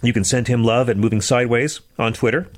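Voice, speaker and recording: A man hosting a political talk radio show, sarcastic and joking, a little out of breath, stammering into quick restarts. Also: mid-range voice, steady tone, no echo.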